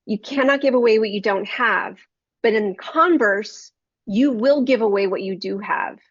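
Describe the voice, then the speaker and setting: A woman's voice: fairly high pitch, moderate pace, dry recording, highs cut off. Earnest woman telling a faith story. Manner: earnest personal storytelling, addresses listeners as y'all. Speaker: Christian book reviewer. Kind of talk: heartfelt devotional talk.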